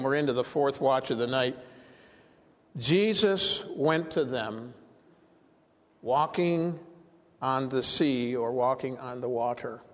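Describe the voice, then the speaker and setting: A man's voice: on the high side, big-room sound. A man preaching an expository sermon as pastor, reading scripture and explaining it, acting out quoted lines with animation.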